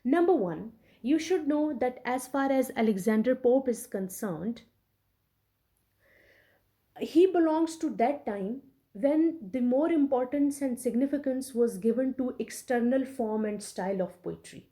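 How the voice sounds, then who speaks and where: A woman teacher from Pakistan talks her students through a poem in a recorded lecture. She speaks at an unhurried, deliberate pace in a fairly high but mellow voice, and she repeats each point and checks in often with her class. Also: animated. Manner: slow, repetitive explaining with many check-ins. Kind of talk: recorded English literature lecture.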